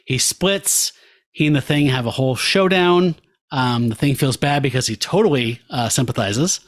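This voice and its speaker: Here a man with a fairly high pitch keeps a measured pace as he co-hosts a podcast. Retelling a comic story casually, he performs the characters' dialogue and laughs.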